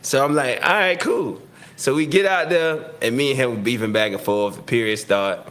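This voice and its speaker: A man, a football player guest, telling a story in a casual, slangy and animated way, laughing as he goes. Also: mid-range voice, normal speed. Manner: slangy, lots of "right?" and "you know what I'm saying". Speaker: guest, pro football receiver.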